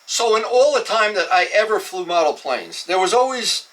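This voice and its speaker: A man's voice: sits high, animated, moderate pace, fairly bright tone, distant mic. A man in his seventies telling stories in a rambling, casual way, with frequent restarts. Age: 70s. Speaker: model aviation storyteller. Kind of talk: casual storytelling.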